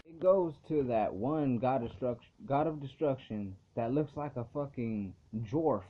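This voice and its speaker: A man's voice: mid-range voice, a little hiss or hum. Rambling man recapping over tinny audio. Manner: rambling, heavy use of "like" fillers, frequent swearing. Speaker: anime episode reviewer. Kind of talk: casual episode recap.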